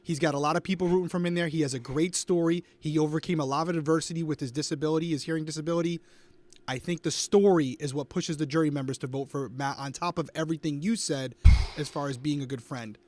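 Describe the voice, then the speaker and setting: A man co-hosting a live stream, chatting casually and making quick, excitable predictions. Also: fairly high pitch, no echo. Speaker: podcast co-host.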